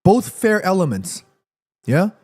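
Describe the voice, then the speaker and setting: Hosting a live watchalong stream, a man with a high-sitting voice chats casually and slowly. He gets excitable, reads viewer messages aloud, and swears freely.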